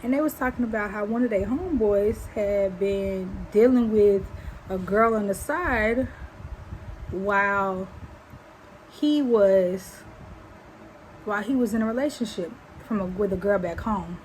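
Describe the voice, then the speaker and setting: A young woman, telling a casual storytime and acting out what people said in high voices. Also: unhurried, slight background noise, low-quality recording. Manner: animated, acts out quotes in high voices. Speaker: vlogger.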